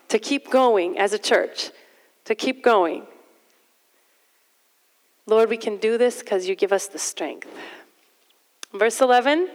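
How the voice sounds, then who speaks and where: Woman preaching in a reverberant hall. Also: medium pitch. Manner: conversational, self-deprecating asides. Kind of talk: sermon.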